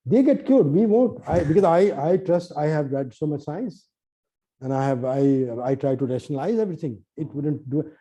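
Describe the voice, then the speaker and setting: A man spinning a lively tale, dark voice. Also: fairly high pitch, normal speed, rough recording. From Nepal. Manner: lively, acts out quoted dialogue, many restarts. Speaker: poet and translator. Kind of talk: animated storytelling in conversation.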